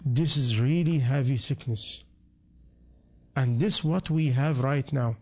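A man's voice: mid-range voice, slow pace. A man giving a sermon who keeps putting rhetorical questions to his listeners and speaks English with non-native grammar. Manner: rhetorical questions put to the audience. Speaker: preacher.

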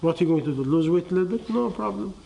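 A man with a notably high-pitched voice delivers a sermon to a live audience. He keeps quizzing his listeners with rhetorical questions and drops his voice to a near hush on the key phrases. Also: rapid-fire, a little hiss or hum. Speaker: religious teacher.

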